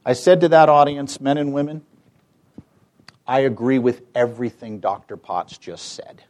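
A man's voice: mid-range voice, normal speed, a little mellow. A man in his fifties from the United States, giving a persuasive public talk with rhetorical questions and wry humor. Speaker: public speaker and campus debater.

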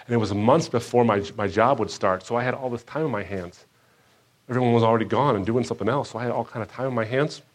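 Animated man telling a personal story. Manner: animated storyteller, jumps higher and louder when acting out what people said; drops low and quiet on emotional moments. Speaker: speaker sharing his personal faith story. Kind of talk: personal storytelling testimony to a live audience.

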